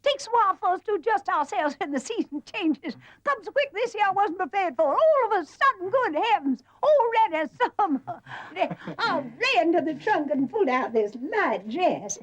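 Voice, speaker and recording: A woman's voice: very high-pitched, sing-song, moderate pace, few pauses. An actress playing a fussy middle-aged mother with a Southern accent, gushing and chattering in a 1950s film. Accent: American Southern. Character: faded, fussy Southern mother fussing over guests.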